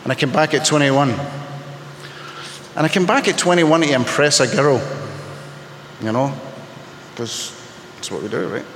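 A man's voice: on the high side, unhurried, long pauses, fairly bright tone, slight background noise. A man sharing his personal story at a recovery meeting, wry and self-mocking, with punchy comic timing. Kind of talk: humorous personal storytelling to an audience. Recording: echoey hall with faint ambience.

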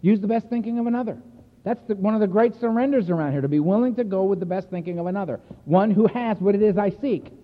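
Guy talking at a recovery meeting, blunt and punchy, kinda high voice, echoey hall on a tinny line. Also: fast. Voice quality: emphatic storyteller, blunt and earthy. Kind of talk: personal recovery talk to a meeting.

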